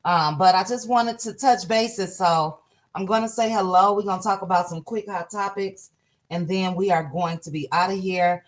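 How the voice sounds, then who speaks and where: A woman hosting a casual livestream chat, tired and a little hoarse, greeting viewers by name. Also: lowish voice, normal speed. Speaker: livestream host.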